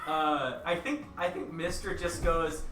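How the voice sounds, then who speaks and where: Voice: mid-range voice, fairly even intonation, a little slow, fairly bright tone. A game master in casual chat, rambling and crude. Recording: roomy, distant mic, faint noise.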